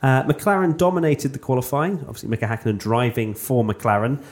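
A man's voice: medium pitch, steady tone, fairly quick. Playful man hosting a podcast. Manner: playful, teasing, bouncy delivery. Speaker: podcast host. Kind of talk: casual podcast chat.

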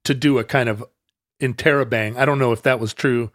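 A man's voice: mid-range voice, steady tone, brisk, fairly bright tone, dry recording, clean studio sound. A man co-hosting a casual chat, musing aloud and often restarting his thoughts.

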